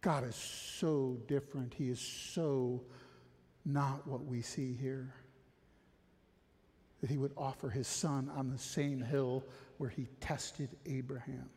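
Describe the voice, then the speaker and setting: A man preaching a sermon, moving between hushed, low passages and loud, high-pitched exhortation. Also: steady tone, slow, in a large hall.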